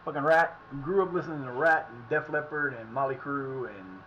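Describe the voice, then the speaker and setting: A middle-aged man streaming live and chatting casually as he plays, excitable and profane, often yelling at the action. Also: medium pitch, normal speed, lo-fi sound, a little hiss or hum. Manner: excitable, profane, shouts at the play. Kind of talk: casual live commentary while playing.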